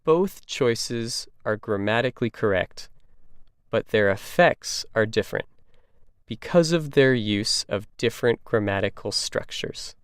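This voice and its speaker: A man reading a scripted grammar lesson in a measured, explanatory way. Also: fairly low pitch, animated, smooth, no room sound, clean studio sound. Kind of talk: scripted educational narration.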